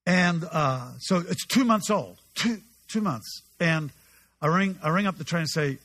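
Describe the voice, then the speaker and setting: A male pastor preaching with a humorous, animated storytelling manner, often restarting his sentences. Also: on the high side, moderate pace. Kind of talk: sermon storytelling.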